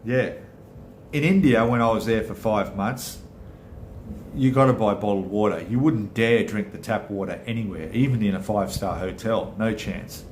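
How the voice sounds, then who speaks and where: A man's voice: fairly low pitch, reverberant, slight background noise. A middle-aged Australian man hosting a casual live chat with viewers, rambling and chatty, often correcting himself mid-sentence. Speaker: channel host.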